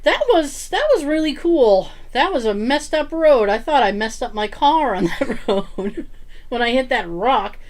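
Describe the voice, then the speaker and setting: A woman's voice: a little high, a little slow. A woman co-hosting a podcast, telling a story in casual chat, acting out what people said and laughing often. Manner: animated storyteller, acts out quotes, laughs often. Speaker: podcast co-host.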